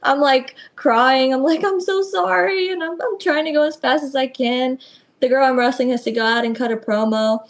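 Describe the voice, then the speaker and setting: A young woman, a wrestler guest on a video call, telling her stories in a lively way and acting out what people said. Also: high-pitched, moderate pace. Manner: lively storytelling, acts out quotes. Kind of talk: casual interview.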